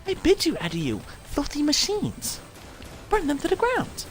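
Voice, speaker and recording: A man putting on the voice of a haughty female game villain, talking in a slow, disdainful, theatrical way. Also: extremely high pitch, huge pitch swings, voice pushed up, full character voice. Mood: scornful.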